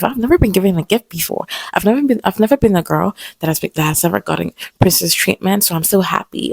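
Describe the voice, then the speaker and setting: A woman's voice: medium pitch, fast, gravelly, a little mellow, slightly rough, dry recording. A young woman telling a personal story in a chatty vlog, often repeating herself and checking in with "okay?". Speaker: vlogger. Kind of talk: casual storytelling to camera.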